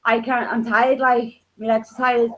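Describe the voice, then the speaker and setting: A woman's voice: on the high side, flat delivery, moderate pace, dull audio. A woman chatting casually about her day in a rambling way. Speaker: chat room participant. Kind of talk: casual chat.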